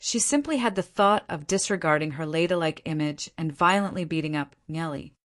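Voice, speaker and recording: A woman reads a novel aloud as an audiobook narrator. Her voice sits a little low for a woman, and she keeps the storytelling steady and even. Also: a little fast.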